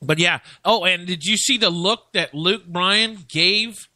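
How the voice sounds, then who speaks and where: A man's voice: high voice, slow, sharp tone, no room sound. A man hosting a casual radio chat show, rambling and joking with plenty of fillers.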